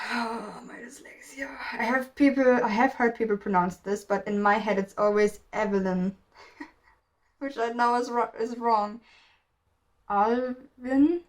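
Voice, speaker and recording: A woman's voice: medium pitch, unhurried. Rambling woman vlogger, chatty and unscripted. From Germany. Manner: rambling, stops to search for words. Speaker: video creator. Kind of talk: casual vlog talk.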